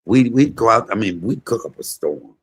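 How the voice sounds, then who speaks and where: Husky low-voiced man telling stories. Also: normal speed. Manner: animated, loud imitations of his mother. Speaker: comedian and vlog host. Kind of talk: casual storytelling monologue.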